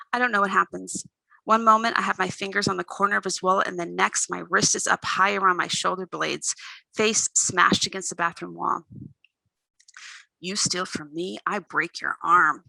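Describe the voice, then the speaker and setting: Woman author, gravelly reading voice, very bright, expressive first-person narration. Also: medium pitch, no echo, rough recording. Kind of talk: reading her own novel aloud.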